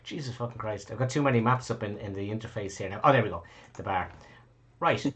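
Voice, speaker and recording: A man's voice: fairly low pitch, quick pace, fairly bright tone. A man with a Dublin Irish accent, running a tabletop game as dungeon master, rambling and swearing with many fillers. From Ireland.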